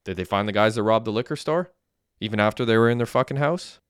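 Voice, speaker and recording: A man voicing a sarcastic, hot-tempered young man who yells. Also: fairly low pitch, quick pace, clean tone, no room sound, clean studio sound, close to an everyday voice. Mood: angry. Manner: sarcastic, yelling.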